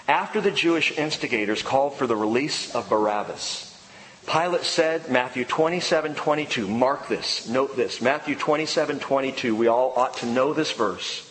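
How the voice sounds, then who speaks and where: A man preaching a sermon as pastor, building with emphatic repetition and then dropping into a hushed prayer. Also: medium pitch, moderate pace, in a large hall, slight background noise, rough recording.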